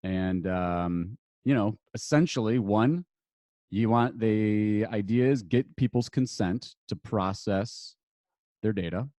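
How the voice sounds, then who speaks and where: This is a man with a lowish voice, talking through legal basics as a podcast guest. He is casual and meandering, with plenty of fillers and self-corrections, and the sound is dry and close with no room around it. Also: takes it slowly, mellow, dry recording. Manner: loose and conversational, many fillers and restarts. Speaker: podcast guest, attorney and marketer.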